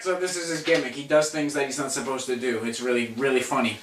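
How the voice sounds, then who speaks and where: A young man ranting through a wrestling recap in a sarcastic, foul-mouthed, mocking way. His voice is bright and a little high. He sounds off-mic in an echoey room. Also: fairly even intonation, fast, hardly any pauses, recorded from a distance, a little hiss or hum. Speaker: wrestling review co-host. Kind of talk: casual review chat.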